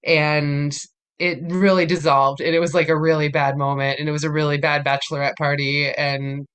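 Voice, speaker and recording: A woman's voice: low voice, flat delivery, moderate pace, a bit bright, clean tone. A woman comedian, a podcast guest, telling a story in a casual, rambling way full of "like". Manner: rambling, many "like" fillers.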